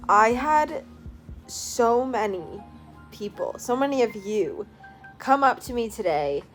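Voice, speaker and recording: A woman's voice: on the high side, a little mellow. A tired young woman in a hotel room bed, recapping her day in a chatty, gushing vlog full of "like" fillers, recorded on a handheld phone. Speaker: powerlifter vlogger.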